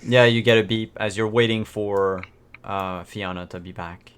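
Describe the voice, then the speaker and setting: A man narrating as game master of an online tabletop game, relaxed with fillers and restarts. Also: lowish voice, a little slow, smooth. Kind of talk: narrating a tabletop game over a video call.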